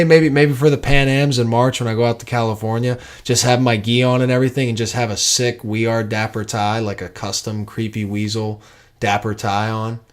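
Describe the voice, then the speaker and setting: A young man hosting a podcast, rambling and joking through sponsor reads. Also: fairly low pitch. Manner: rambling, joking, self-mocking. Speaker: podcast host. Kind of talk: casual podcast talk and ad reads.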